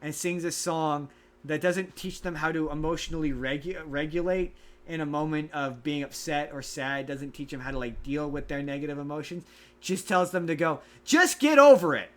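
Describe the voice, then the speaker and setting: A man's voice: fairly high pitch, fairly even intonation, moderate pace. A man hosting a casual podcast, animatedly retelling a story and acting out the characters' lines. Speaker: podcast host.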